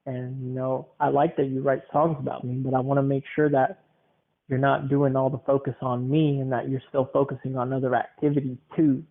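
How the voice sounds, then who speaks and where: A man hosts a casual podcast, and his voice comes through thin and tinny, like a phone line. He rambles loosely, repeats words, and fills pauses often. His pitch is average for a man. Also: little pitch movement. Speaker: podcast host.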